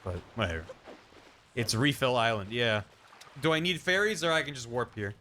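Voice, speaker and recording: A man's voice: mid-range voice, expressive, moderate pace, pushed and bright, slight background noise. A man streaming a video game, rambling and joking about what happens on screen. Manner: rambling and jokey, riffing on the game. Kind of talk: casual gameplay commentary.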